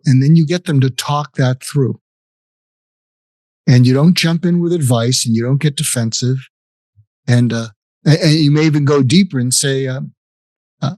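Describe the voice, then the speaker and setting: A man's voice: medium pitch, normal speed, darkish tone, dry recording. An older man, a psychiatrist guest in an interview, explaining techniques earnestly and acting out example conversations. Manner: earnest, acts out example dialogues, many restarts.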